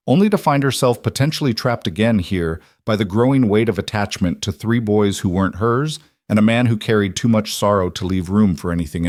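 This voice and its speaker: A man calmly narrating a romance story in an even storytelling manner. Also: fairly low pitch, no room sound, clean studio sound. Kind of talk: scripted narration.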